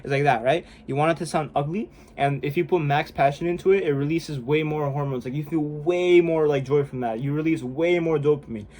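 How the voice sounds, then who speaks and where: A man's voice: on the high side, fairly quick, hardly any pauses, darkish tone. A young man vlogging casually and self-consciously, rambling with lots of "like" and "bro". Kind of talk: casual self-help vlog. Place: room indoors at home.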